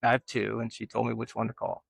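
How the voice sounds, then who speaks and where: Man, lowish gravelly voice, lively anecdotal interview guest. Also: quick pace. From Alabama, US. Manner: animated storyteller, acts out quoted voices. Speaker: guest, artist. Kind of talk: casual storytelling interview.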